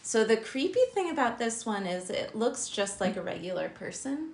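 A woman's voice: fairly high pitch, lively intonation, normal speed, vocal fry. Chatty woman in an echoey room. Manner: reads folklore entries with frequent ums and laughter. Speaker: podcast co-host. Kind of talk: casual chat.

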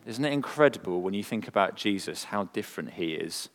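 A man preaching a sermon, earnest and full of rhetorical questions, moving from emphatic lines to hushed ones. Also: lowish voice, animated, brisk. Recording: long hall reverb.

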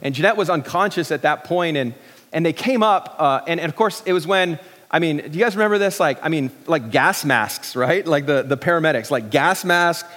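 A middle-aged pastor preaching a sermon in a relaxed, joking way, with many restarts and fillers. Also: male voice, a little high, brisk, in a large hall.

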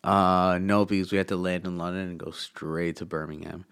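A man's voice: low voice, level tone, moderate pace, fairly bright tone, clear, resonant tone, no echo. A man telling loose travel stories in casual chat, with a swollen throat and a cough drop in his mouth, swallowing close to the mic. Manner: rambling storyteller, lots of "like" and "man". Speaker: podcast guest recounting travel. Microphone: close mic picking up swallowing.

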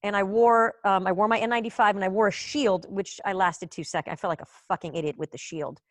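A woman's voice: mid-range voice, steady tone, fast talker, dry recording. A woman from Israel hosting a live online comedy show from home over a video call, rambling in a chatty, profane, self-mocking way. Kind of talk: casual rambling stand-up chat.

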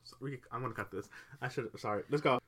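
A woman's voice: a bass voice, fast, a bit bright, breathy edge. Rambling, laughing woman recapping a book. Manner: rambling, laughs often, swears casually. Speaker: podcast co-host. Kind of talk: casual book recap chat.

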